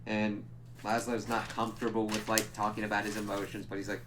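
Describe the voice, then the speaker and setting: A man giving a casual spoiler review, excitable and profane, with many filler words. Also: on the low side, brisk, noisy background. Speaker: TV episode reviewer.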